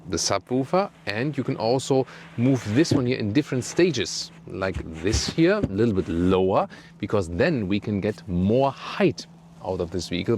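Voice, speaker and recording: Low-voiced German-accented car reviewer. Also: male voice, a little hiss or hum. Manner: detailed, methodical, upbeat, points out features one by one. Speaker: car reviewer, channel host. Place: beside a car outdoors in Scotland.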